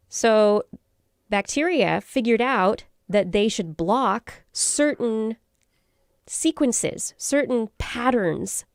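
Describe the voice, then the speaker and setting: Smooth-voiced woman explaining science. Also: fairly high pitch, a little mellow, no echo, clean studio sound. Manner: chatty, playful, explains with voiced asides. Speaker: science podcast co-host.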